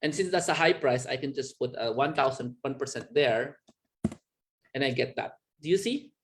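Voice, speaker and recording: A man with a Filipino accent teaching an online business lesson, coaching in an animated way and checking in with quick questions like "got it?" as he walks through numbers. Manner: animated, with sudden pitch jumps and small laughs. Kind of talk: recorded training lecture.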